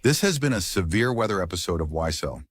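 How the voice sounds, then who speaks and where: Deep, husky male announcer voice-over. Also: very animated, fairly quick, no echo, studio quality. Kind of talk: scripted closing announcement.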